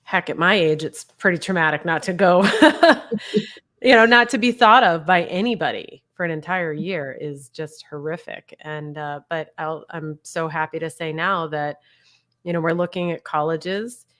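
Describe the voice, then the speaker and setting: A woman's voice: low-pitched, a little slow, a bit bright. A woman in her forties, a mother, frankly telling her family's story as an interview guest over a video call, talking conversationally with light laughs. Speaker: guest, mother of a bullied son. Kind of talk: candid personal story in an interview.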